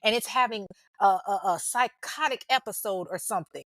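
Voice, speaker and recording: A woman's voice: medium pitch, normal speed, fairly bright tone, no echo. A woman hosting a true crime podcast, talking casually and bluntly to her listeners, swearing freely and calling them y'all. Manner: chatty, informal, addresses listeners as y'all. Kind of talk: casual podcast chat and outro.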